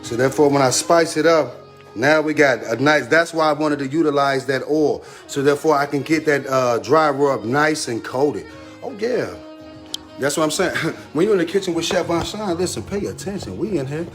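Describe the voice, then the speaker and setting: Chatty man with a fairly high voice. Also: normal speed. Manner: lively, chatty, repeats a catchphrase and laughs often. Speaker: home cook and video host. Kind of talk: casual cooking demonstration. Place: home kitchen. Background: music playing under the voice.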